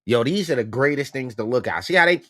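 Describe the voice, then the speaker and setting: Animated emphatic male co-host. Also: medium pitch, quick pace, a loud crowd. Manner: animated, emphatic, puts on mocking voices. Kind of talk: casual political talk show banter.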